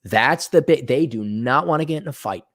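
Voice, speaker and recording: A man's voice: mid-range voice, moderate pace. A man hosting a podcast, delivering a profane, sarcastic solo rant with scornful asides. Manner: animated, mocking voices in quotes. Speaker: podcast host. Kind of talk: ranting solo commentary.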